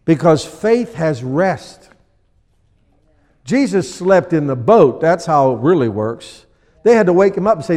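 A man preaching a sermon as pastor, acting out people in little scenes with lively energy. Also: on the high side, measured pace, big-room sound. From USA.

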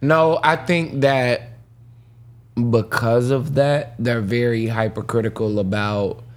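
A man co-hosting a casual podcast talks slowly in a middle voice and lays out his points with care. He laughs easily and has the hiccups. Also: medium pitch, steady tone. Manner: slow, thoughtful, laughs easily. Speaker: podcast co-host. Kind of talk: casual chat.

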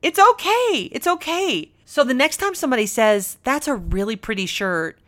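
A woman hosting a radio talk show, chatty and animated, acting out little quotes as she talks. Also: high-pitched, moderate pace.

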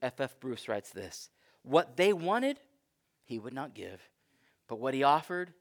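A man's voice: mid-range voice, big pitch swings, unhurried. A man preaching a sermon in a conversational, emphatic way. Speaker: pastor.

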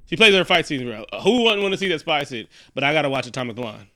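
Bright-voiced man in loose, profane chat. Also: on the high side, fast talker, no echo, clean studio sound. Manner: profane, joking, animated storytelling. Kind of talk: casual movie recap chat.

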